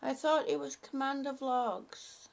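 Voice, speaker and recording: A woman hosting a livestream, chatting haltingly and affectionately with her viewers, often restarting her sentences. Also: high voice, fairly even intonation, gravelly. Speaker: livestream host. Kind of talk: casual livestream chat with viewers.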